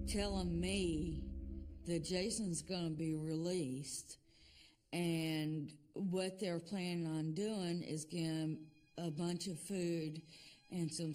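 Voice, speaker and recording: A woman's voice: on the low side, warm tone. A woman telling of an ordeal she lived through as a prison officer, in a documentary interview, in a plain, matter-of-fact way.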